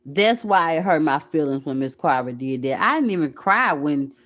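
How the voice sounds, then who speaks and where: A woman's voice: sits low, expressive, normal speed, a bit bright. A woman from Alabama, hosting a casual livestream and talking candidly and emphatically to her viewers. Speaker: YouTube commentary host.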